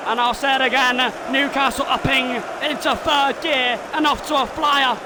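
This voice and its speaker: A man with a high voice narrates his football video game in the manner of a TV commentator, breaking into shouts when goals go in. His stream carries a steady hiss of background noise. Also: normal speed, few pauses. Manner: bursts into shouted excitement at goals. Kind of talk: live gameplay commentary in broadcaster style.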